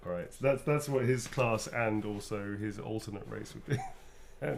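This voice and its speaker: A man's voice: fairly low pitch, normal speed, vocal fry, noisy background. A man who is an actor, chatting and joking as he signs autographs and reads out fan messages. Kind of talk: casual chat during a live signing.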